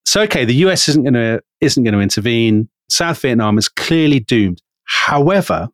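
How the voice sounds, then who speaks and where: A British man co-hosting a podcast, telling a history story in an animated way. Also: mid-range voice, normal speed, no echo. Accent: British English. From Britain. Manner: animated, storytelling, quotes figures with emphasis. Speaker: podcast co-host.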